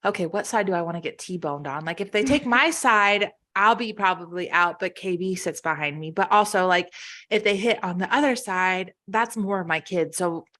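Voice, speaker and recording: Bright and forceful in tone, her lowish voice moves at a moderate pace. She's a podcast co-host in her thirties, a chatty storyteller who performs the quotes in her anecdotes during casual conversation.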